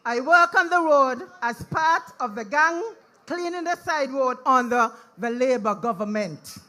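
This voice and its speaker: A woman's voice: sits high, animated, measured pace, pushed and bright, low-quality recording. A woman speaking at an outdoor political rally, rousing the crowd with call-and-response. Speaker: rally speaker, party supporter. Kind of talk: rally speech.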